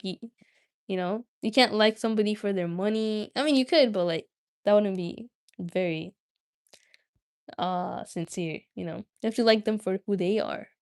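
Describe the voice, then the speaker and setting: A young woman chats with her stream viewers in a loose, rambling way. She often stops mid-sentence and starts over, sounding like a talkative host. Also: medium pitch. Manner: rambling, self-interrupting, chatty. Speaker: livestream host. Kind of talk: casual chat with viewers.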